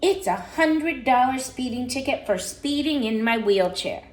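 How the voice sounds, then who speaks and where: A plucky young girl from a read-aloud children's story, put on by a woman speaks plainly and insistently. The voice sits fairly high. It is heard in a roomy space with an echo. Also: expressive, unhurried. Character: young girl racing a fast wheelchair.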